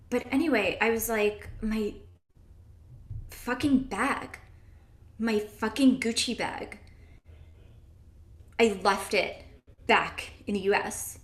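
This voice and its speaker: Rambling woman in an echoey room. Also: medium pitch. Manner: rambling, full of "um" and "like". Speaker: improv performer. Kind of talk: improvised comedy monologue.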